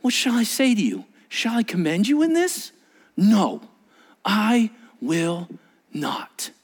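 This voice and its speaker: A male pastor preaching a sermon with a fairly high, very lively voice. He swings hard between low, quiet explanation and sharp, raised bursts when he reads scripture aloud. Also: slow pace, slightly rough.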